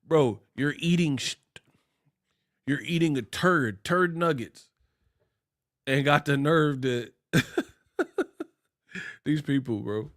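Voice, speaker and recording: A man's voice: fairly high pitch, takes it slowly, pauses often. Slangy Bay man ranting on boxing. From Bay Area, California. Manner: animated, slangy and mocking, puts on voices for quotes. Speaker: boxing commentator. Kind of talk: casual ranting commentary.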